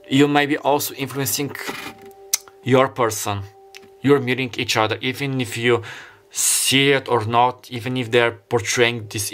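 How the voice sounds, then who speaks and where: A man's voice: medium pitch, fairly bright tone. Man reading tarot. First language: Bulgarian. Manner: rambling, heartfelt, searching for words. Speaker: tarot card reader. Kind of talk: pick-a-card tarot reading.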